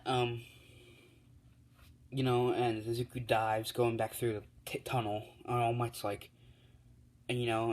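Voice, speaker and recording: Rambling man improvising a story. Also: fairly low pitch. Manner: rambling, many fillers and restarts. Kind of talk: improvised fan story narration.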